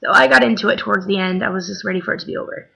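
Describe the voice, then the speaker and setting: Tired young woman rambling, gravelly. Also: mid-range voice, racing, pushed and bright. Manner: chatty, rambling, lots of "like" and "um". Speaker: vlogger. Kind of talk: casual chat. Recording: dull lo-fi webcam recording.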